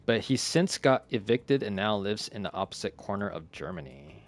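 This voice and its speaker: A man streaming a relaxed home-renovation game, commenting casually, reading chat aloud and chuckling often. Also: fairly low pitch, normal speed. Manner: laid-back, chuckles often, talks to chat. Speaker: gaming streamer. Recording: faint game music behind.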